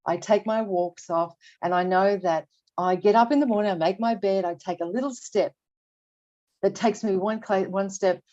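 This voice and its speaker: An older woman appears as a guest expert on a podcast, speaking candidly and often restarting and repeating words as she thinks aloud. Her voice is medium-pitched and mellow at a moderate pace, and the lo-fi audio is dull.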